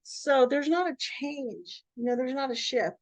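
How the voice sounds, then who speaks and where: Radio host woman with a high, bright-pitched voice, talks freely and emphatically. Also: measured pace, dry recording, poor audio. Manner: emphatic, free-flowing, animated. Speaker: radio host and network owner. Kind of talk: casual interview talk.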